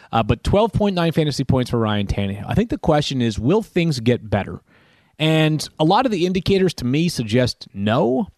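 A man co-hosting a sports podcast who runs through numbers briskly and casually. His voice is middle to slightly low. The recording is dry and close, with no sense of a room. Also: a little mellow, no echo. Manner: brisk stat rundown, conversational. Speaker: podcast co-host. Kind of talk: fantasy football podcast chat.

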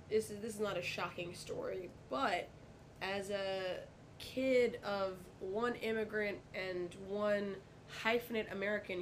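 Woman guest, bartender, candid and foul-mouthed, casual chat with faint hiss behind. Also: mid-range voice. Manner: candid, blunt and profane.

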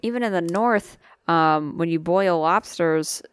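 Lower-voiced woman, casual and profane. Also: unhurried, smooth, dry recording, clean studio sound. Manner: swears freely, tired, laughing asides. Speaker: podcast co-host. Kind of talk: casual chat, storytelling.

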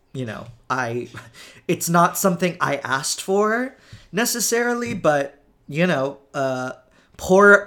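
A young adult man hosting a podcast, chatting casually in campy, gushing rants about films and comics. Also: fairly bright tone. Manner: campy, gushing pop-culture rants with big pitch swings. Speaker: podcast host. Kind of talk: casual chat.

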